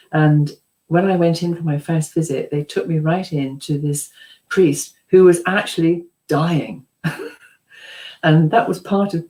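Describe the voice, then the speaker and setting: A woman's voice: sits low, rough recording. A middle-aged British woman, a psychotherapist, telling chatty anecdotes with ums and laughs as an interview guest. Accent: British English. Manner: chatty, warm storytelling with frequent ums and laughs; acts out quoted voices.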